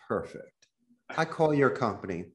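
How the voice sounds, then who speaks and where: A man with a mid-range voice explains sales phone technique to an interviewer. He talks in a lively, animated way and often jumps up in pitch as he acts out dialogue. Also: a little slow. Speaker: podcast guest, call center owner.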